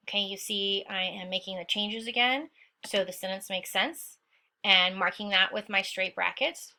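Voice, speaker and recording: A woman's voice: mid-range voice, normal speed, pushed and bright. A woman teacher talking through an essay she wrote, explaining quotes and analysis and often checking in with "okay?". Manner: instructive, frequent "okay?" check-ins; stern about lazy writing. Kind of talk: essay walkthrough lesson.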